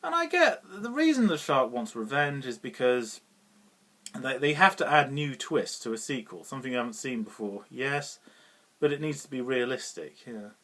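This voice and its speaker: A man with a British accent talks through a film review off the cuff. He chuckles often, fills pauses with "um" and restarts his sentences. His pitch rises and falls in a lively way. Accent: British English. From Britain. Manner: rambling, chuckling often, with many fillers and restarts. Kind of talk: casual unscripted film review.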